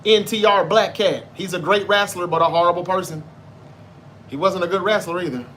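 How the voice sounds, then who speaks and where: A man's voice: sits high, fairly even intonation, fairly quick, fairly bright tone, a little hiss or hum. A Southern American man from Memphis hosting a live show, chatting casually, reading viewer comments and answering them with loose, profane talk. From Memphis, Tennessee. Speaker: livestream show host.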